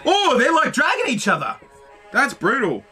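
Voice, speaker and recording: Guy, reaction host: high, sharp, excitable, swears a lot. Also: moderate pace, soft background music. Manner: excitable, swears freely, talks to the screen. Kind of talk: casual reaction commentary.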